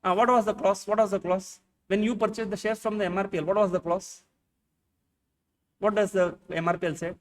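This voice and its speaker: A man's voice: high-pitched, steady tone, fairly quick, recorded from a distance. A man with an Indian English accent teaching accounting in a classroom lecture, firing rhetorical questions at his students and acting out little dialogues.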